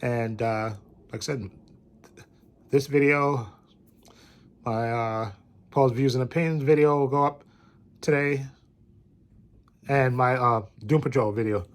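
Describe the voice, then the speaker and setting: A man's voice: medium pitch, slow pace, pauses often. A man with a cold, rambling casually in a vlog from bed and often repeating himself. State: recovering from a cold. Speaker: vlogger.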